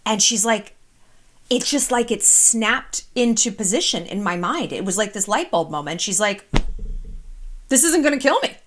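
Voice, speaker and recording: A woman in her thirties talks straight to the camera, giving casual advice in a candid, chatty way. She swears freely. Her voice sits at a middling pitch for a woman. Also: normal speed, fairly bright tone. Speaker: vlogger.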